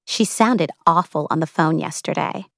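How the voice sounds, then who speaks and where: A woman's voice: normal speed, gravelly, fairly bright tone, dry recording, studio quality, heavily acted. A woman voicing a chatty, eager young female coworker who drops her voice to gossip. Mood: gossipy. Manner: gossipy, lowers voice conspiratorially.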